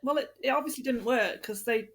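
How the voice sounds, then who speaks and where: A woman co-hosting a book club podcast, making dry, deadpan remarks in casual chat. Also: a little high, a little fast, slightly rough. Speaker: podcast co-host.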